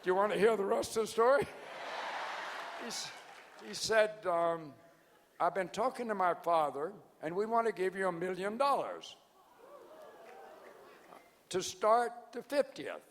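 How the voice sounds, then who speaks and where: A man's voice: sits high, big pitch swings, unhurried, pauses often, fairly bright tone. A man of ninety, hard of hearing, giving a folksy, joking anniversary speech that wanders as he loses his place. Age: 90s. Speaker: founder giving anniversary address. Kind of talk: rambling anecdotal speech to a crowd. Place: large event hall. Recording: large hall with faint crowd and noise.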